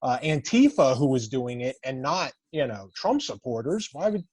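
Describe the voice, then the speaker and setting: A man co-hosting a casual podcast, explaining his view in a measured way. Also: medium pitch, sing-song, a little mellow, breathy edge, dry recording. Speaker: podcast co-host. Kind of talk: casual chat.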